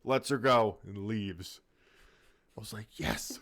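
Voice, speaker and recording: A man's voice: fairly low pitch, slow, a bit bright. A man co-hosting a podcast, telling rambling, profane stories in casual chat and acting out the people in them. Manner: rambling, profane, acts out quotes. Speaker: podcast co-host.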